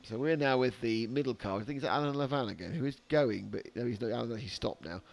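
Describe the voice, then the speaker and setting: A man's voice: medium pitch, fast, gravelly, slight background noise. A man giving live trackside race commentary with dry, sarcastic humor.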